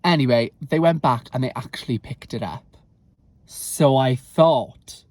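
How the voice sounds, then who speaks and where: A young man, telling stories in a casual vlog with a chatty, animated manner. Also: medium pitch, a little slow, echoey room. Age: young adult. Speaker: vlogger.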